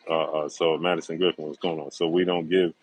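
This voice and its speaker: This sports talk show host, a middle-aged man, speaks at an extremely low pitch with a flat, slightly fast delivery. He welcomes livestream viewers by name and hammers home bold predictions, repeating points for emphasis, all on a low-quality recording.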